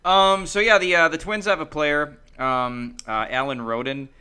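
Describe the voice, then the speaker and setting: Male podcast co-host, casual and hesitant, crisp clear tone. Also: a little high, steady tone, normal speed, sharp tone. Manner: hesitant, many "um" and "uh" fillers. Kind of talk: casual chat.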